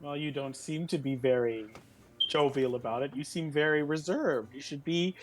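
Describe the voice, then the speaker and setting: A man's voice: fairly high pitch, moderate pace. Theatrical man playing a kobold. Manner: grandiose, theatrical in character. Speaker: player. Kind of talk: in-character tabletop role-play. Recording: faint background noise.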